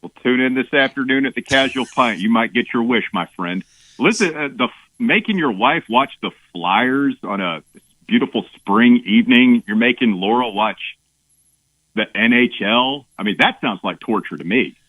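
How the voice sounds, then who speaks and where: A man's voice: mid-range voice, expressive, moderate pace, fairly bright tone, no echo, poor audio. A man, a regular on a talk radio show, chatting in an easygoing, plainspoken way. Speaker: radio co-host, regular contributor. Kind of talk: casual talk radio banter.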